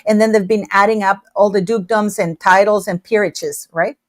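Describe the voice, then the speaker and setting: A woman hosting a livestream, chatting casually and emphatically, speaking loudly on purpose. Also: mid-range voice, fairly even intonation, normal speed, no echo. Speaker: livestream host. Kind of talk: casual live chat commentary.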